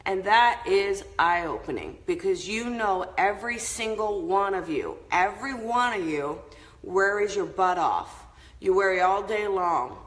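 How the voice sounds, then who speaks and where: A woman's voice: mid-range voice, lively intonation, unhurried, fairly bright tone, reverberant, poor audio. A woman hosting a casual live-stream chat, upbeat and chatty, laughing often as she talks to her viewers. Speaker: host of a live inspirational show.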